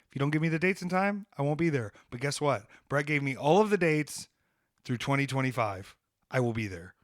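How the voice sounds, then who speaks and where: A man hosting a podcast, ranting and joking in brash, comic trash talk, switching between loud outbursts and muttered asides. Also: mid-range voice, no echo, clean studio sound. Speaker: podcast host and wrestler. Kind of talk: casual podcast chat.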